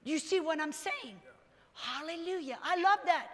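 A woman delivers a lively sermon at a normal speed, her voice very high and frequently climbing into shouts. It rings through a church hall with a long reverb.

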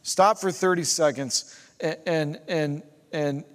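A man preaching a sermon as pastor, emphatic and repeating phrases for rhythm, building to loud climaxes. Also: on the high side, unhurried. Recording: long hall reverb.

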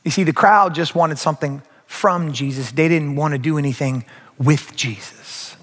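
A male pastor delivers a sermon in a rather high voice. He is animated and often speaks straight to his listeners. His words ring out with the long reverb of a large hall. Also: normal speed. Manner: animated, acts out quoted voices, addresses the crowd directly. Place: church sanctuary.

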